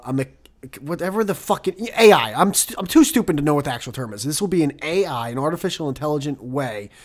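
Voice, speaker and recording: A man hosting a casual podcast chat, rambling and swearing as he pitches an idea, often laughing at himself. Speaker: podcast host.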